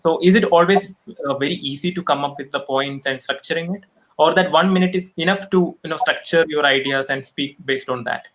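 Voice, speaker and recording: A man's voice: a little high, fairly quick, poor audio. A man hosting a live interview, asking the guest questions and speaking to the audience conversationally. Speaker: host.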